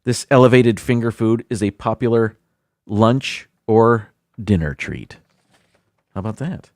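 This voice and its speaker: A man's voice: lowish voice, measured pace, a little mellow, dry recording, studio quality. A man hosting a casual livestream, reading a countdown list aloud with chatty asides and self-deprecating stumbles over foreign words. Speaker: livestream host.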